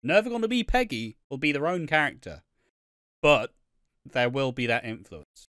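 A man's voice: mid-range voice, sing-song, normal speed, a bit bright. A man co-hosting a podcast in casual chat, teasing and laughing easily. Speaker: podcast co-host.

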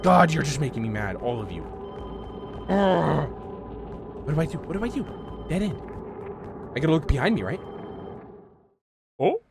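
A young man streaming a horror game, muttering to himself and yelling in fright. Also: a little high, sing-song, moderate pace, creaky, long pauses, music in the background. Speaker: gaming streamer. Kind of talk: horror game playthrough commentary.

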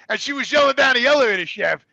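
Brief: fast, gravelly New man, dry close sound, animated and profane. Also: extremely high pitch, dry recording, muffled recording. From New York. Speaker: guest. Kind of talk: casual storytelling.

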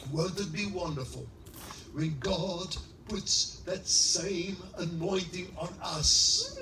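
A middle-aged pastor preaching a sermon in a high, bright, ringing voice, often climbing into shouted, sing-song exclamations. He sounds some distance from the mic in an echoey hall, with a faint hum of room noise behind him. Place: church service in a large greenhouse hall.

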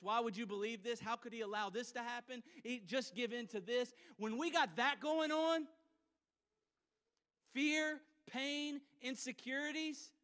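High bright-voiced preacher in a reverberant church. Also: male voice. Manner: acts out scenes with volunteers, shifting between loud and hushed. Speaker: pastor. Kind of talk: sermon. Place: church sanctuary. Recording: church hall with long reverb.

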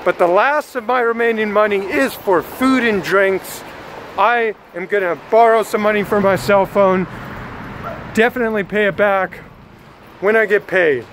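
Brief: high-pitched guy, handheld street vlog, excitable, self-scolding, swears casually. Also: moderate pace, slight background noise. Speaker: vlogger. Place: city street outdoors. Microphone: handheld camera at arm's length.

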